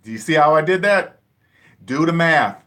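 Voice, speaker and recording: Man, emphatic repetitive lecturer, casual vlog delivery, slightly raised pitch. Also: lively intonation, normal speed, fairly bright tone. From Seattle area, USA. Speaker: personal finance vlogger. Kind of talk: casual monologue to camera.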